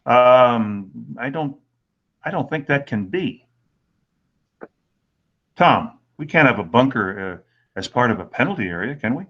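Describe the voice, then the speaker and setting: A man in his sixties teaching golf rules in a webinar, talking in a relaxed, halting way with many fillers. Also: medium pitch. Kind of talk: webinar lecture with anecdotes. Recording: dull lo-fi webinar audio.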